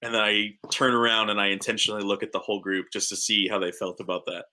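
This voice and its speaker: A man chatting as a player in a tabletop game, excitable and often repeating himself. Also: on the low side, fast. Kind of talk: tabletop role-play chat.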